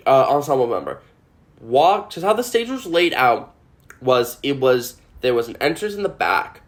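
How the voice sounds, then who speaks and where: Animated, swearing woman podcast host. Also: rumbling low, moderate pace. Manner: animated, emotional, swears a lot. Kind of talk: casual rambling recap.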